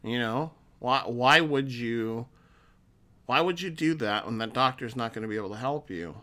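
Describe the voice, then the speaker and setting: A man who works as a counselor hosts a podcast alone, speaking earnestly and encouragingly to listeners in a solo monologue and often restarting his sentences. His mid-range voice is expressive, pushed and bright, at a moderate pace.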